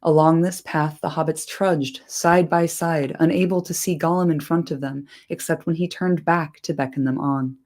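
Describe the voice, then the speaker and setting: Woman, livestream book reading, expressive, casual swearing asides, slightly low voice. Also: normal speed, hardly any pauses. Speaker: host reading a book aloud.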